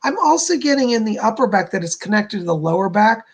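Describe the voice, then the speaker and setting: A man's voice: sits high, big pitch swings, quick pace, slightly rough. A man hosting a live stream, giving chatty, reassuring psychic readings and addressing viewers by name. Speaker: psychic medium, stream host.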